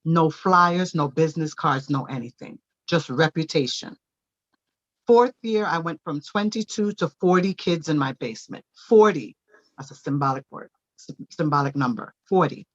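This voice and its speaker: A woman, a daycare owner, telling her personal testimony in a church interview with animated storytelling. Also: deep voice, moderate pace, lo-fi sound. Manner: animated storytelling, acting out quoted voices.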